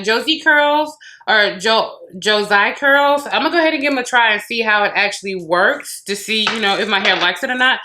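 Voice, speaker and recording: A woman's voice: medium pitch, sharp tone. An American woman chatting casually to her viewers while reviewing beauty and hair products at home. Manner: chatty, talks straight to viewers. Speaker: beauty vlogger. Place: home room with closet behind.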